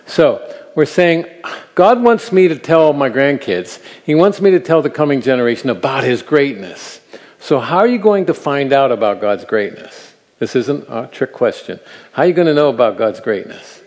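An older man teaching the Bible to a live audience, earnest and animated, asking his listeners questions. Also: mid-range voice. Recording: reverberant hall.

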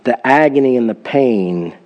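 A man's voice: medium pitch, lively intonation, a little slow, highs cut off. A middle-aged man, a pastor, preaching a sermon in an earnest storytelling manner, with emphatic scripture reading.

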